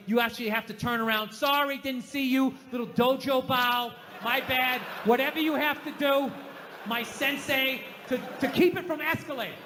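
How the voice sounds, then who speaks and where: Stand-up guy ranting, high voice, exasperated storytelling, big echoey hall, faint crowd noise. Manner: animated storytelling, exasperated rants. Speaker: stand-up comedian. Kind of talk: stand-up routine. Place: large venue with audience.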